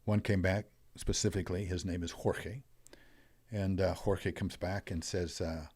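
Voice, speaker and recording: Older man, very deep voice, podcast guest, animated storytelling, swelling emphasis. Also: a little slow. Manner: animated storyteller, rising and falling in loudness. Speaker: podcast guest, wealth coach.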